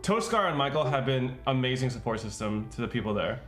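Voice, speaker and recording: A man's voice: medium pitch, animated, quick pace, fairly bright tone, faint music behind. Earnest young man in a roomy room. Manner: earnest, heavy on filler words. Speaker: streamer co-host. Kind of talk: casual chat. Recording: roomy echo.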